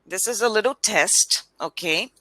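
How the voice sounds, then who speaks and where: Slow-spoken, bright-voiced woman tutor. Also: mid-range voice, no room sound. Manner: patient, encouraging, slow careful enunciation. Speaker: English tutor. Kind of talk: online one-on-one language lesson. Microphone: video call.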